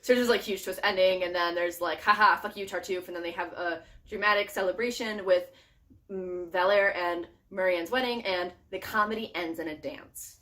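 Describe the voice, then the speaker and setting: A young adult woman giving a casual, sarcastic rant review, retelling the plot with quick playful voices. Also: fairly low pitch, a bit bright. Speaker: book reviewer.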